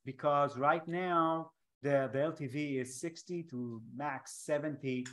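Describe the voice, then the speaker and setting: A man's voice: on the high side, steady tone, a bit bright. Israeli man hosting a podcast interview. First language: Hebrew. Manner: halting, restarts often, non-native grammar. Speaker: podcast host. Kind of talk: casual interview over a video call.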